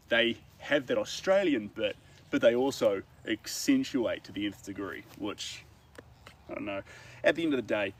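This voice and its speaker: A man with a New Zealand accent and a mid-range voice chats casually while he paints, rambling with filler words. The distant mic picks up faint outdoor ambience and a little hiss or hum.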